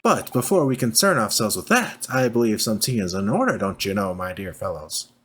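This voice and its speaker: A man doing a pompous posh gentleman detective. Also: lowish voice, lively intonation, brisk, slightly rough. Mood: grandiose. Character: pompous older male gentleman detective, grandiose.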